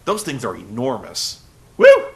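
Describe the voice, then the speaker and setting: A young man hosting a casual recap, rambling and animated, breaking into loud shouted impressions. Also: a little high, moderate pace. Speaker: web show host. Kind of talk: casual wrestling recap rant.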